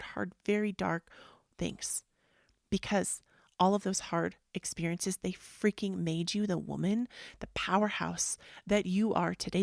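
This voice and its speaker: A woman with a low, gravelly voice leads a casual motivational talk about self-help and healing. She speaks earnestly and with emphasis, often drifting into soft, whispery asides. Her voice sounds close and dry, with no room around it. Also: no echo. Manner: earnest and emphatic, with frequent "like" and "freaking". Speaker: yoga and self-help podcast host.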